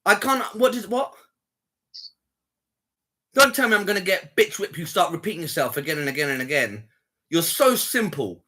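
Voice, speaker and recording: Male streamer, husky voice, needling tone, echoes his caller's words back to mock her. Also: high-pitched, animated, normal speed, pauses often, sharp tone. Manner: mocking, taunting, parrots the other's words. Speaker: livestreamer chatting with strangers. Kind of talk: casual live chat.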